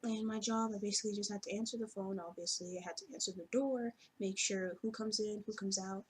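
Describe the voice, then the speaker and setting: A woman's voice: medium pitch, steady tone, a little fast, slight background noise. A woman telling a personal story to camera in a casual, rambling way, full of "like" fillers and offhand swearing.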